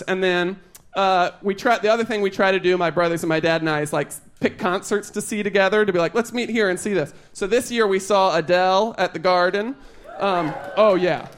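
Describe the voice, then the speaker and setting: High-voiced man doing stand-up. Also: a bit bright, slight background noise. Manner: chatty, rambling, laughs at his own jokes. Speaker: stand-up comedian. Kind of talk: stand-up comedy set. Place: live comedy show stage.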